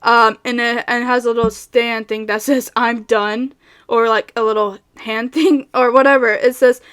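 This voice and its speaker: A woman's voice: a little high, fairly even intonation, normal speed, fairly bright tone, clear, resonant tone. A young woman voice actor answering questions in a casual, rambling vlog, with lots of fillers, recorded on a studio mic at home. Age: young adult. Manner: rambling, filler-heavy, laid-back. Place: home bedroom setup. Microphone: studio mic with pop filter.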